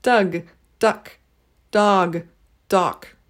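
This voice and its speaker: A woman runs a pronunciation lesson at a very slow, careful pace. She reads each practice word twice, giving every sound room to be heard. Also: mid-range voice, fairly even intonation. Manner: says each word twice, clearly and slowly. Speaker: pronunciation teacher. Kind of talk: slow, deliberate pronunciation drill.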